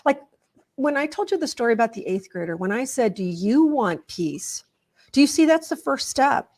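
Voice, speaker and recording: A woman's voice: sits high, animated, fairly quick, darkish tone. A woman guest on an interview show, earnestly explaining ideas with stories and examples.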